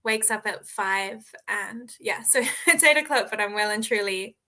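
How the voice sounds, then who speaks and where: A woman's voice: medium pitch, normal speed, bright, forceful tone. A young Australian woman, an author being interviewed, who talks in a bubbly way and laughs often. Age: young adult. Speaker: author and guest. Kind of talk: casual interview.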